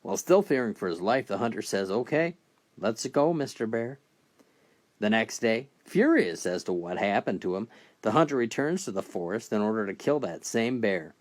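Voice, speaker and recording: A man narrating a string of dirty jokes in a deadpan storytelling manner, briefly lifting his voice for the characters. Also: fairly low pitch, fairly quick. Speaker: joke teller.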